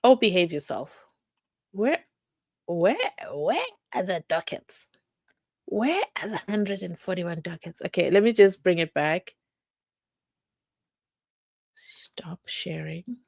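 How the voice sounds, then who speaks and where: Woman host from South Africa, very animated pitch, dry close sound, chatty livestream commentary. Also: a little slow, no room sound. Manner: animated, sings snippets, reads viewer comments aloud.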